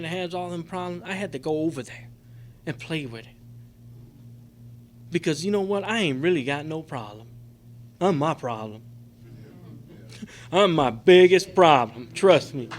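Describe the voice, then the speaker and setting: Speaking at normal speed but with long pauses, a middle-aged man with a high voice tells his emotional, profane story to a recovery group, and a little hiss or hum can be heard. He's a recovery convention speaker in a convention meeting room, rambling and dropping "you know" and "man" throughout.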